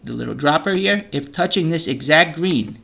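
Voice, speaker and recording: A man's voice: fairly high pitch, expressive, normal speed, gravelly, bright, forceful tone. A man teaching a children's coding lesson over a screen recording, explaining step by step and checking in with "okay?" as he goes.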